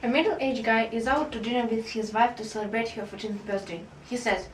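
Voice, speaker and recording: A woman, a student, telling a joke softly and carefully in a classroom. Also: on the high side, steady tone, fairly quick, a little hiss or hum. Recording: echoey classroom, distant mic.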